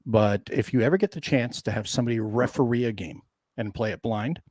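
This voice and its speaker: A man's voice: medium pitch, a little fast, darkish tone, no echo, studio quality. A man co-hosting a board game stream in casual chat, laughing often and acting out remembered lines.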